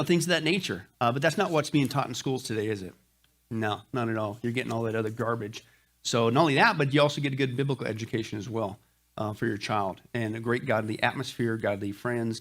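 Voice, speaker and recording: A middle-aged male pastor giving jokey, folksy church announcements to his congregation, with lots of "uh" fillers. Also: mid-range voice. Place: church sanctuary.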